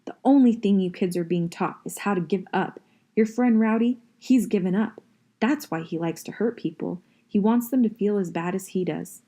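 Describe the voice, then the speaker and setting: An intense, earnest schoolteacher, voiced by a woman reader in a low, warm tone. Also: normal speed. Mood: furious. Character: earnest middle-aged male schoolteacher, intense.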